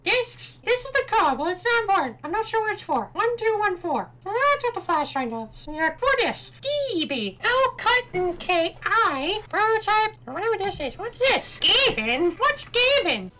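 A woman doing casual let's play commentary, excitable and quick to swear, reacting loudly to the game. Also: extremely high pitch, slight background noise, low-quality recording. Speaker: gameplay commentator. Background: game music.

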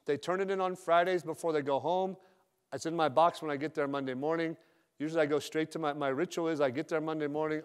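With a clear, resonant tone and a voice sitting slightly high, a man gives loan officers a motivational sales pep talk. He doesn't mince words: his delivery is plain, direct, and joking, sprinkled with slang and dry wit.

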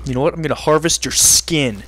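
A man giving joking let's-play commentary, partly in character, often laughing and yelling at enemies. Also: a little high, a little fast, slight background noise. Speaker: gaming video creator.

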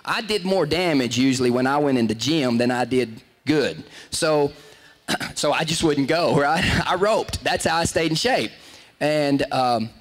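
A man hosts his show with rambling, casual storytelling. His voice sits fairly high for a man. He keeps cutting himself off, restarting sentences and laughing at his own stories. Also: animated, unhurried. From Texas. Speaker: show host.

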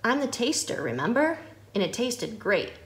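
A woman's voice: a little high, very animated, moderate pace. A woman voicing a greedy, pouty pig. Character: greedy, pouting pig who loves to taste food.

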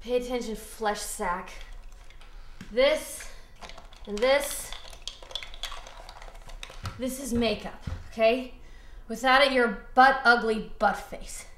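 A woman's voice: a little high, slow, pauses often, fairly bright tone, reverberant, slight background noise. An actress playing a bossy, crude young woman who drills herself in a comedy short film. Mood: grumbling.

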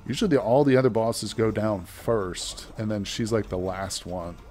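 A man's voice: fairly low pitch, moderate pace, a little mellow. A man giving casual, chatty gameplay commentary as a let's play host, joking with his viewers as he plays.

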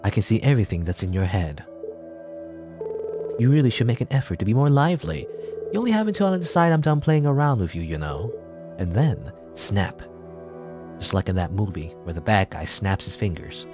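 A man reading out the lines of a sinister, mocking voice in a game, taunting in his own low voice. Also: very animated, a little fast, music in the background.

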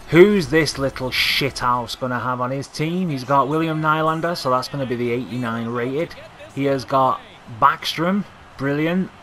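A young man commentating live on his own gameplay, excitable, swearing and yelling at the game. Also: medium pitch. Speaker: gaming commentator.

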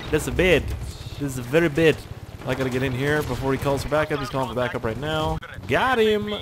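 A young man giving loose, joking, profane commentary while playing a video game. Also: medium pitch. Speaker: gaming YouTuber. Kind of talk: gameplay commentary. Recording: game sounds and noise behind.

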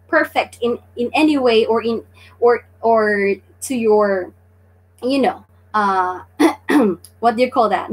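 A woman's voice: a little high, breathy edge. A woman from the Philippines hosting a casual live-streamed Japanese lesson, chatty and full of fillers. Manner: chatty, many fillers and "guys".

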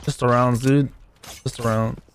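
A man streaming a shooter game, chatting and calling out plays to his teammates in a loud, excitable way, swearing often. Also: medium pitch, moderate pace. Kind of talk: casual gaming chat with teammates.

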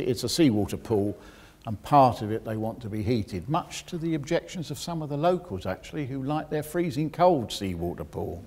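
A geoscientist giving a public lecture, explaining technical details with dry asides to the audience. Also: male voice, medium pitch, a little mellow.

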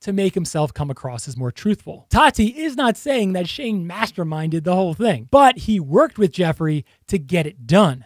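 A man's voice: high-pitched, a little mellow, no room sound, clean studio sound. A man narrating analytical commentary over video clips, with a pointed, accusing tone. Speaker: body language commentator.

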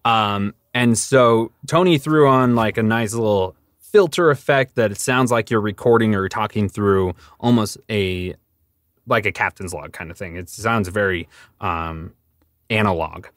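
A man with a somewhat low voice tells stories from his voice acting work in a relaxed podcast interview. He slips into the other people's lines as he goes. The sound is dry and close. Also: a little slow, no room sound. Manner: storytelling, acts out conversations. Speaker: voice actor guest.

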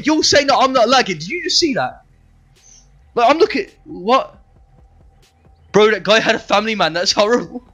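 A man's voice: high-pitched, bright, forceful tone. A young man livestreaming a game, bantering with chat in a sweary, joking way. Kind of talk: live game streaming chat.

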